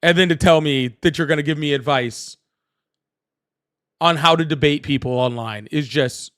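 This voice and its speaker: Bright-voiced, lively male stream host. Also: a little high, moderate pace. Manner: excitable, laughs often, thanks donors at length. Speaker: host of live political call-in stream. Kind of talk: casual live-stream chat.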